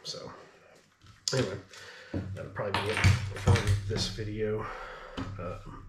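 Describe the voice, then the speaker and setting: A low-voiced man with a drawl, a bit out of breath, rambling loosely with lots of ums and you-knows. He sounds set back from the mic in an echoey room, with a faint hiss underneath. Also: slow, recorded from a distance. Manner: rambling, filler-heavy, laid-back. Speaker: gun reviewer. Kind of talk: casual talk to camera.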